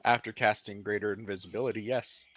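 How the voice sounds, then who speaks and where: A man's voice: on the low side, fairly even intonation, quick pace, fairly bright tone, dry recording. A man playing a tabletop game, casual and playful, asking questions and declaring his actions. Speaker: player.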